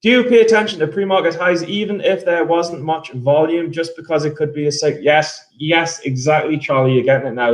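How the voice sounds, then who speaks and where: A man live-streaming his trading, chatting casually while drinking whiskey, rambling and swearing between jokes. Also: on the high side. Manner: rambling, profane, joking. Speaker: day-trading livestreamer. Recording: roomy echo.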